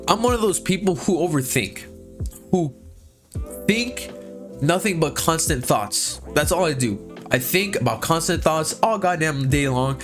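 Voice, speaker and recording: Young man, casual vlog storytelling, profane and excitable, a bit high-pitched, faint music behind. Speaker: vlogger.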